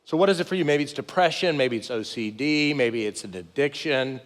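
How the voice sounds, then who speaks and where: A middle-aged man, preaching a sermon as pastor in a folksy, animated, self-deprecating way. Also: mid-range voice, a little fast, big-room sound. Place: church sanctuary with multiple campuses.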